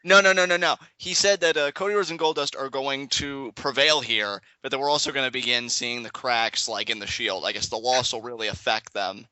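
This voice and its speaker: A young man chatting excitedly as a guest in a live reaction video, laughing often and rambling through restarts. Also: mid-range voice, brisk, few pauses, no room sound, highs cut off. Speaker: guest co-commentator. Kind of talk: casual live reaction chat.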